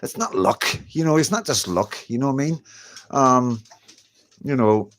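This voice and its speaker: A man's voice: mid-range voice, lively intonation, moderate pace, fairly bright tone. Chatty man livestreaming. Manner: chatty, reassuring, keeps saying "you know what I mean". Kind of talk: casual livestream chat. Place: at home, indoors.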